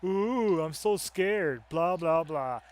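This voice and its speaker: A man doing a cocky young wrestler who boasts and taunts in a loud, pushy voice. The voice sits a little high for a man. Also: expressive, takes it slowly. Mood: mocking. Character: cocky young male wrestler, arrogant upstart.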